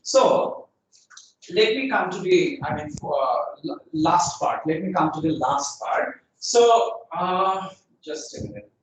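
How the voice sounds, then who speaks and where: A man's voice: high voice, expressive, slow pace. Echoey far-off male lecturer. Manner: repeats phrases, checks in with "is it okay? fine", frequent "I mean" and "uh". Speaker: university lecturer. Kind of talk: classroom lecture. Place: lecture room. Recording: very echoey room, speaker far from mic, faint noise.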